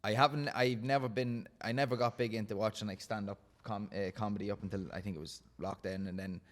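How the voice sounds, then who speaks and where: A man's voice: on the low side, steady tone, fast talker. A man hosting a casual podcast interview, talking in a rambling, stop-start way and repeating words as he goes. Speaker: podcast host and coach.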